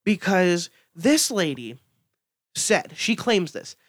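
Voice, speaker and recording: A man's voice: high voice, takes it slowly, dry recording, studio quality. A young man ranting casually, full of fillers and swearing. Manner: profane, filler-heavy, excitable storytelling. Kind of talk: casual rant.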